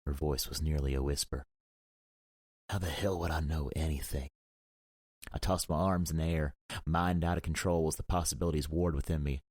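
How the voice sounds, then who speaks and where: A man narrating a romance audiobook in the first person, gruff and brooding, with frequent swearing. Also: very deep voice, fairly even intonation, normal speed, long pauses, a little mellow, no echo, clean studio sound.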